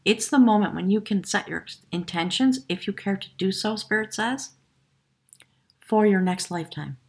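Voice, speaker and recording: A woman giving a spiritual tarot reading to camera, effusive and emotional, often dropping her voice to a hushed whisper. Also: mid-range voice, normal speed, gravelly. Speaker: tarot reader.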